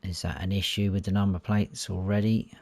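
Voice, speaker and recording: Gaming channel host, man, very low unhurried voice, dry close recording, lists menu options one by one. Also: little pitch movement, vocal fry, a little mellow, dry recording. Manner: listing options one by one while clicking through menus. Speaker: gaming YouTuber. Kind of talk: console gameplay walkthrough.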